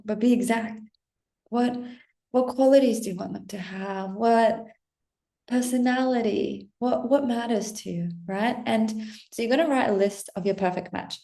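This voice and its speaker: A young woman self-help coach gives a passionate, blunt motivational talk straight to camera and her audience, swearing freely. Her voice is fairly high with a dark tone and sounds reverberant.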